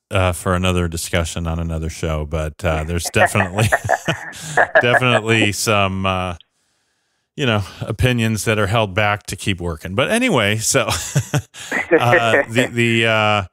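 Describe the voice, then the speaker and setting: A man's voice: fairly low pitch, moderate pace, sharp tone, dry recording, clean studio sound. A man hosting a radio interview show, talking casually and hesitantly.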